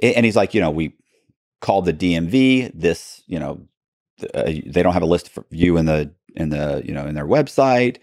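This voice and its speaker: A man telling a story as an interview guest, acting out quoted dialogue with halting restarts. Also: low-pitched, lively intonation, darkish tone, no echo, clean studio sound.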